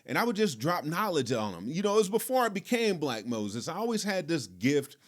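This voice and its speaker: A man hosting a podcast, telling a personal story in a relaxed, conversational way. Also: a little high, fairly quick. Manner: relaxed, conversational, lots of fillers. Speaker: podcast host. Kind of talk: casual storytelling.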